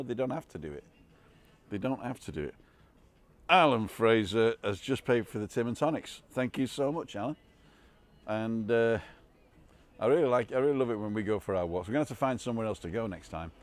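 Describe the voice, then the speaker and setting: A man's voice: mid-range voice, lively intonation, fairly quick. An older man rambling casually through a live stream from an outdoor bar terrace, reading out comments with many restarts and asides.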